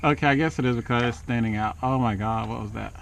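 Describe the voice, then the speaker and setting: A man's voice: medium pitch, fast, creaky, a little hiss or hum. A man doing a casual home car repair vlog, exclaiming as he works and chatting to his cat, caught on a camera mic as he moves around. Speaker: DIY car vlogger. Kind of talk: casual talk while working.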